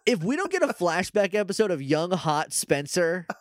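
A man co-hosting a podcast, chatting casually about a show, laughing often and mimicking characters in quick asides. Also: high voice, big pitch swings, no room sound, clean studio sound. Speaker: podcast co-host. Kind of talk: casual chat recapping a show.

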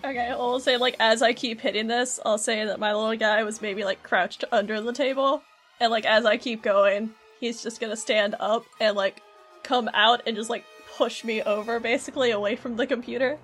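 A woman's voice: fairly high pitch, fairly even intonation, moderate pace, fairly bright tone, breathy edge, soft background music. A woman playing a tabletop role-playing game, chatty and full of fillers as she describes things. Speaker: player.

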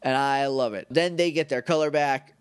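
A man's voice: medium pitch, moderate pace, smooth, dry recording, studio quality. A man co-hosting a podcast, chatting casually and joking as he rambles through a recap. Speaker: podcast co-host. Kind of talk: casual chat.

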